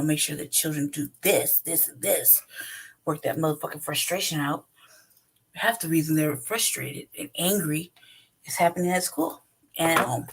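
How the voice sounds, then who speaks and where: A low, slightly rough female voice belongs to a woman running her own channel. She launches into a blunt, foul-mouthed commentary monologue, laughing between points and speaking directly to the listener with frequent "right?"s.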